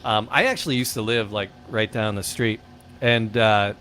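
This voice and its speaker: Animated man telling a story. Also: on the low side, moderate pace, a little hiss or hum. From Michigan, USA. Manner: animated storyteller, acts out quoted people. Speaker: podcast co-host. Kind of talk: casual chat.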